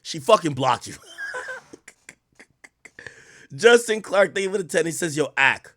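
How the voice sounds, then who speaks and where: A man doing casual live-stream commentary, reacting to clips and reading out donations, with loud animated outbursts. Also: a little high, fairly quick. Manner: animated, loud bursts of laughter and shouting, reads donations.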